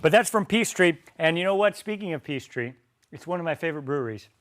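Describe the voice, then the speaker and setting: A man's voice: fairly high pitch, lively intonation, fast talker, fairly bright tone. Upbeat chatty man hosting a stream. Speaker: event host. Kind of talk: casual livestream hosting.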